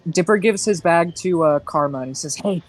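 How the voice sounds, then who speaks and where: A woman's voice: lowish voice, fairly quick. A woman playing in an online tabletop game, hesitant and stumbling over her words. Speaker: player. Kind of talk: in-character tabletop play.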